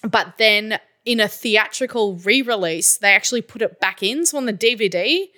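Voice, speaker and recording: A woman co-hosting a podcast with a bright, sharp tone at a mid-range pitch. She talks in a chatty, casual way and laughs easily. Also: lively intonation, moderate pace. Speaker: podcast co-host. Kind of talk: casual chat.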